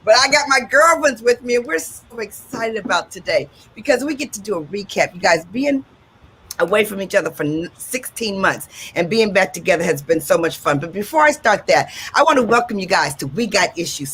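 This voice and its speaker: Excited, bright-voiced woman hosting a radio show. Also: medium pitch, slight background noise, poor audio. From Baltimore area, USA. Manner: excited, upbeat and playful, casual slang. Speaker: radio talk show host. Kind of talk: casual radio show opening.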